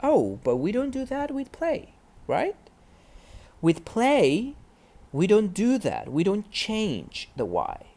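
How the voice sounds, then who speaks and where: A man's voice: high-pitched, wildly swooping pitch, slow, a little mellow. A man teaching a grammar lesson step by step, often checking in with "right?". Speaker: English teacher.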